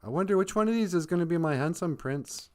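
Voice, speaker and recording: A man's voice: on the high side, expressive, quick pace, voice pushed up, natural voice. Give me a man voicing a naive, gushing young princess. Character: young princess chasing a rich husband.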